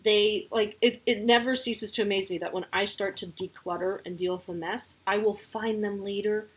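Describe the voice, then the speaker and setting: Casting: breathy woman in her thirties, casual podcast host, rambling and friendly. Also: mid-range voice, fairly even intonation, normal speed. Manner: chatty, lots of likes and you-knows. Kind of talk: casual advice talk.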